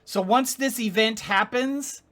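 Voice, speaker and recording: A woman's voice: on the high side, a little slow, fairly bright tone. A woman hosting a let's play, commenting on her game with dramatic groans, cries of dismay and frequent laughter. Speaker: gaming channel host.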